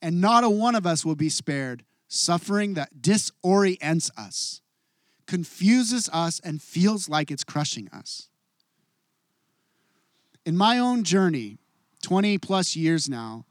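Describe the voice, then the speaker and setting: Male pastor, middle-aged, fairly high voice, dry close recording; expressive sermon delivery that swings from hushed to emphatic. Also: unhurried, dry recording.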